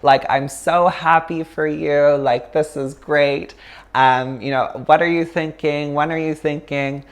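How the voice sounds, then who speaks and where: A man voicing his own emotional middle-aged mother in a high falsetto, effusive and tearful. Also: steady tone, measured pace. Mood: gushing.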